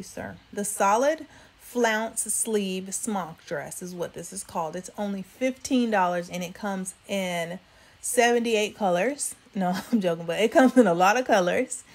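A woman's voice: medium pitch, measured pace. A woman hosting a fashion vlog, chatting casually with viewers about outfits. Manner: chatty, addresses viewers as y'all. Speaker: fashion vlogger. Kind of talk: casual styling commentary.

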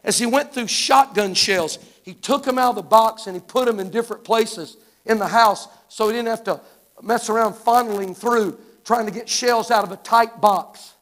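High-pitched Southern preacher man. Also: normal speed, a bit bright. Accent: Southern American. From Arkansas. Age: 50s. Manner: fervent, storytelling, folksy with repetitions. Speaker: guest preacher. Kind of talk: live church sermon. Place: church sanctuary.

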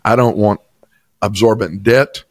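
A man's voice: on the low side, fairly even intonation, a little slow, darkish tone, no echo. A pastor from Chattanooga, a man, telling an emphatic personal testimony in an interview. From Chattanooga, Tennessee. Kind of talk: interview storytelling.

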